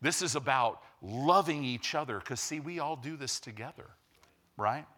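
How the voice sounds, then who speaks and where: A man preaching a sermon as pastor, building from quiet to loud and emphatic. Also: medium pitch, normal speed.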